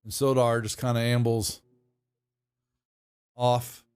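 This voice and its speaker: A man's voice: medium pitch, level tone, slow pace, a little mellow, clean tone. A man, narrating a tabletop game as game master in a loose, folksy way.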